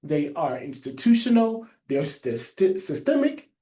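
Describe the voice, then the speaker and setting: Mellow-voiced man with a lisp. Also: fairly high pitch, animated, unhurried. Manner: emphatic, repeats key phrases for note-takers. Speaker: public health trainer. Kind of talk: webinar presentation.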